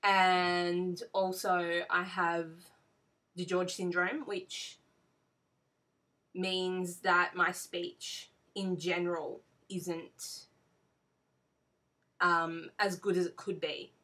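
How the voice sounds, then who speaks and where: A woman in her twenties with an Australian accent, talking slowly and haltingly with many ums while recording herself at home on a computer. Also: lowish voice, little pitch movement, bright, forceful tone, far from the mic. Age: 20s. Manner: slow and halting, with frequent ums. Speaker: vlogger. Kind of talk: casual monologue reading a word list. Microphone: built-in computer mic.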